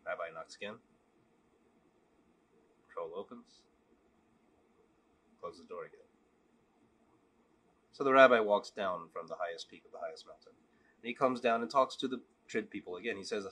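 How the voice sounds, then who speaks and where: A man vlogging, telling a long joke and then talking candidly in a relaxed, casual way. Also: lowish voice, moderate pace, pauses often, husky. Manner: relaxed, candid, repetitive storytelling. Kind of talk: joke storytelling and casual reflection.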